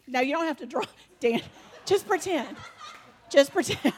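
A woman's voice: sits high, expressive, a little fast. A woman preaching animatedly and directing a live skit with her congregation.

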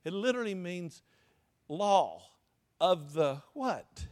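Gravelly preacher quizzing his congregation. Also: fairly high pitch, measured pace, pauses often. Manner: call-and-response preaching, asks the congregation questions. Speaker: pastor. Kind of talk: sermon.

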